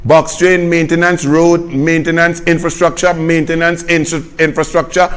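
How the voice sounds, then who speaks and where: A man with a Trinidadian accent hosting a political commentary monologue, sarcastic and mocking, swinging from loud outbursts to low mutters. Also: flat delivery, moderate pace, clear, resonant tone.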